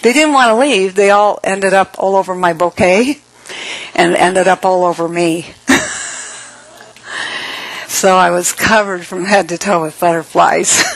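A middle-aged woman giving an inspirational talk, earnest and slow on key phrases, with playful asides and laughs. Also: medium pitch, fairly bright tone, no echo, poor audio. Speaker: speaker.

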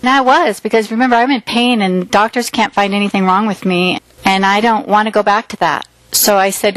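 A woman's voice: medium pitch, fairly even intonation, a little fast, few pauses, a bit bright, no echo, poor audio. Woman telling a personal story earnestly. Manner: earnest, vivid retelling with quoted dialogue.

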